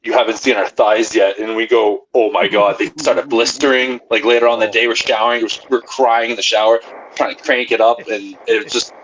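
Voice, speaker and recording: A man's voice: lowish voice, fairly even intonation, fairly quick, fairly bright tone. A man co-hosting a podcast, telling an easygoing, self-deprecating anecdote in casual chat. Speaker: podcast co-host. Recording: dull lo-fi mic with faint hiss.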